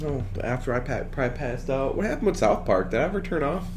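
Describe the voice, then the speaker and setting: A man's voice: mid-range voice, sing-song, fast talker, noisy background. A man co-hosting a casual podcast, laughing and poking fun at himself with plenty of swearing. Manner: laughing, self-mocking, profane. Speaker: podcast co-host. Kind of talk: casual banter.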